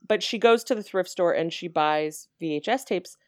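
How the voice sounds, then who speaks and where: Female co-host, lower voice, casual and wry, dry close sound. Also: no echo. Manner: drawn-out, filler-heavy, wry and reasonable. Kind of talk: casual chat.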